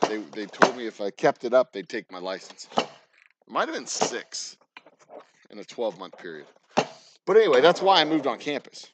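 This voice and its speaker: A man in his forties, a distillery owner, telling personal stories in a rambling, profane, joking way. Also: medium pitch. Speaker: distillery owner and channel host. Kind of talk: casual storytelling. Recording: noisy background with clicks.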